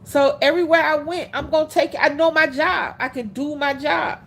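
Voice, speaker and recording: A woman hosting a livestream, telling stories in a casual, animated way, laughing often and speaking bluntly. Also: sits high, moderate pace, creaky, a little hiss or hum. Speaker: livestream host.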